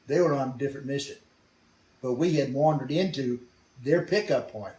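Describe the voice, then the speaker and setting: A man's voice: mid-range voice, animated, brisk, a little mellow, far from the mic. Older man, blunt salty storyteller, recorded from off mic in a roomy space. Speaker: veteran interviewee. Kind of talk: storytelling interview.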